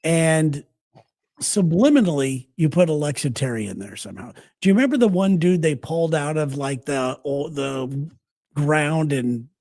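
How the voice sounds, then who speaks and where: A man's voice: a little high, lively intonation, a little mellow, no echo, studio quality. A man co-hosting a talk show, telling stories in casual chat and laughing often. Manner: laughs often, tells stories with quick asides. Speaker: radio host.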